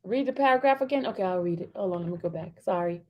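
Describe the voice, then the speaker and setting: A chatty woman hosting a casual livestream, talking straight to her viewers. She is excitable and keeps repeating herself as she goes. Her voice sits at an ordinary middle pitch for a woman. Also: fast talker, lo-fi sound. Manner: addresses the audience as "y'all" often. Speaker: livestream host.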